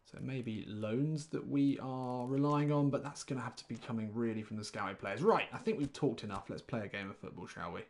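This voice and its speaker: A man's voice: mid-range voice, brisk, hardly any pauses, darkish tone. A man, rambling chattily through live gameplay commentary while greeting chat viewers. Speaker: game streamer.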